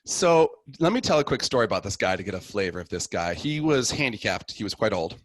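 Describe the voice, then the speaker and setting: A middle-aged man, a guest on the show, casually telling the story of his conversion with animated delivery, acting out each person in it. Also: on the low side, fast, dry recording.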